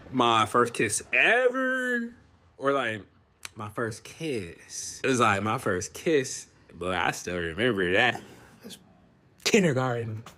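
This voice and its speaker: A young adult man casually telling a story to camera, slangy and animated, now and then dropping into a hush. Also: mid-range voice. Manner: animated, slangy, dips into hushed whispers.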